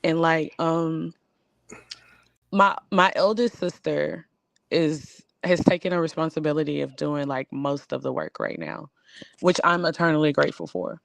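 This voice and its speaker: A woman with a Southern US accent co-hosting a casual barbershop-style chat, talking in a loose, animated way full of fillers. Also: low-pitched, unhurried, vocal fry, dry recording. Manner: animated, drawling, lots of fillers. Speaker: podcast co-host.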